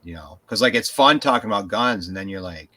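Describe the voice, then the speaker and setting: A man's voice: fairly low pitch, a little fast. A man on a podcast, chatting casually and telling rambling stories with plenty of profanity. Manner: rambling, animated storytelling with profanity. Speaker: podcast co-host. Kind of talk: casual chat.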